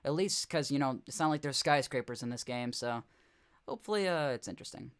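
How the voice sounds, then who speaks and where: A man's voice: mid-range voice, lively intonation, a little fast, a bit bright, clear, resonant tone. A young man casually commenting on game footage during a live stream, rambling and correcting himself with chuckling asides.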